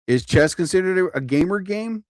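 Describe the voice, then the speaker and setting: A man's voice: sits high, animated, moderate pace, dry recording, studio quality. A man doing a casual, rambling livestream from home, chatty and self-interrupting, laughing at himself and yawning a little. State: yawning, a bit tired. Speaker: comedian livestreaming. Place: at home, TV on overhead. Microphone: phone or computer mic, livestream.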